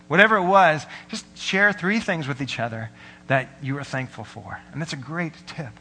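A man's voice: fairly high pitch, normal speed, sharp tone, slight background noise. A young man preaching a sermon, telling stories earnestly and voicing the people in them, sounding tired. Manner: earnest storytelling with quoted voices. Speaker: pastor. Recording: long hall reverb.

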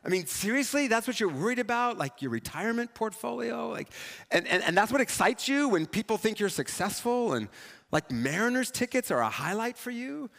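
A man preaching a sermon as pastor, talking in a conversational, animated and self-mocking way. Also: sits high, brisk, creaky. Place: church sanctuary. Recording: church hall reverb.

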